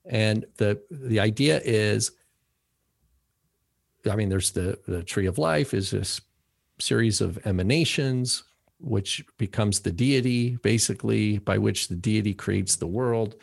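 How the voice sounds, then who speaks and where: A man's voice: fairly low pitch, unhurried, vocal fry. A man co-hosting a theology podcast, explaining religious history in a casual, rambling way, often tagging on "right?". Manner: explanatory, trailing phrases with "right?". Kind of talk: casual chat about theology.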